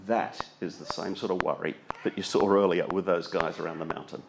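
A man's voice: deep voice, fairly even intonation, fairly quick, gravelly, noisy background. A man preaching a sermon, reading scripture aloud and explaining it.

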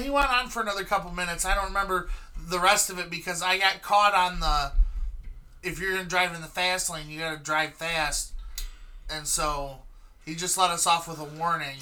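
A man's voice: fairly high pitch, bright, forceful tone, low-quality recording. A man in casual chat, chiming in and adding details to a shared story.

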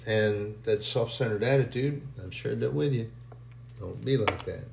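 A man's voice: lowish voice, unhurried, creaky, darkish tone, reverberant, slight background noise. A man giving an informal, conversational sermon, acting out quoted voices and repeating phrases for emphasis. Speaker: preacher.

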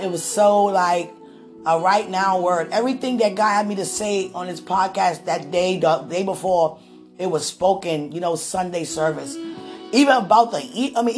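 A woman speaking warmly and excitably to her listeners in a casual, faith-filled chat, with lots of "you know.". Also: medium pitch. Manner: affectionate and excitable, with frequent "you know" and laughter. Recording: faint music behind.

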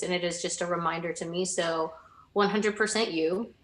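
A woman's voice: fairly low pitch, steady tone, normal speed, echoey room. A young woman in a casual interview, talking earnestly about past mentors and often restarting her sentences. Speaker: interviewee, former student.

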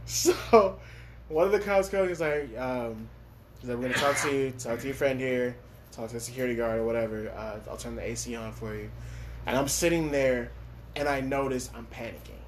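A man's voice: mid-range voice, brisk, a little hiss or hum. A young man from Los Angeles telling a story in casual podcast chat, laughing often and swearing freely. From Los Angeles, USA.

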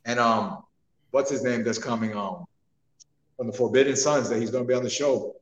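A man in a casual wrestling podcast chat, telling his stories with lots of laughter. His mid-pitched voice rings out in an echoey room with a long reverb tail. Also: normal speed. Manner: laughs often, animated storytelling. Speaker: wrestler guest.

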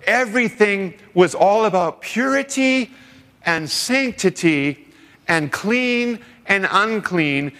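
A man preaching a sermon to a seminar audience, telling stories and acting out quoted voices. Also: sits high. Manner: animated storytelling with acted-out quotes. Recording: long hall reverb.

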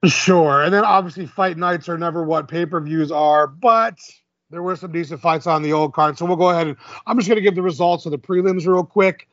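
A man's voice: fairly high pitch, brisk, a bit bright, no room sound, muffled recording. A man co-hosting a podcast, recapping fight results in casual chat and laughing often. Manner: chatty, laughs often, filler-heavy. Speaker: podcast co-host.

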